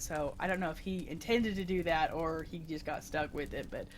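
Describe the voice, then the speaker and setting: Animated woman telling a rambling story. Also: lowish voice, brisk, few pauses, background noise. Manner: animated, rambling, many restarts. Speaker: streamer telling a story to co-players. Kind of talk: casual storytelling.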